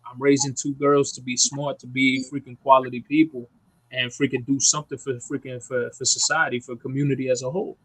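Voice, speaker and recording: A man's voice: mid-range voice, level tone, brisk, fairly bright tone, dry recording, rough recording. A man talking on a casual podcast, ranting emphatically with lots of profanity. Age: adult parent. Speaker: podcast co-host. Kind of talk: heated casual chat.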